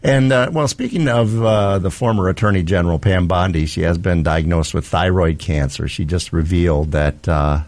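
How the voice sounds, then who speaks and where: A man's voice: low-pitched, moderate pace, hardly any pauses, darkish tone, dry recording. A man hosting a call-in radio show, easygoing, answering callers with brief acknowledgements. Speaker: radio talk show host.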